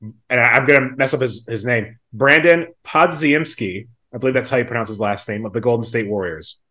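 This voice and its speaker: A man co-hosting a casual podcast chat, easygoing and thinking out loud as he picks. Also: mid-range voice, fairly quick. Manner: easygoing, thinks aloud with fillers. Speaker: podcast co-host.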